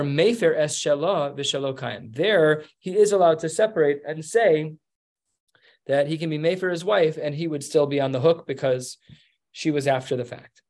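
A man's voice: on the high side, darkish tone. Man teaching a Talmud class. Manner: explains step by step, acts out quoted lines. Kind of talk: Talmud lesson.

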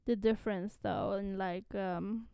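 A woman co-host discusses comic issues in a relaxed chat, and her voice comes across smooth and clear at a middle pitch. The recording is close and dry. She often slips into little acted lines for the characters. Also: a little slow, dry recording. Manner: paraphrases characters with lively acted-out quotes. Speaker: podcast co-host. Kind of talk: casual chat about comics.

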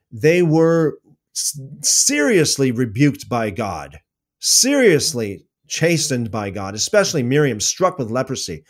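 A man giving an animated religious talk, answering viewer questions with emphatic repetition and loud exclamations. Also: fairly high pitch. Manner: emphatic, repeats words, swings into loud exclamations.

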